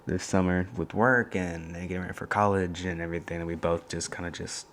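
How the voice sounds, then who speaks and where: A young man hosting a casual solo podcast from a college dorm room, talking in a soft, hushed voice and rambling through stories. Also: low-pitched, steady tone, brisk, slight background noise. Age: young adult. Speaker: podcast host.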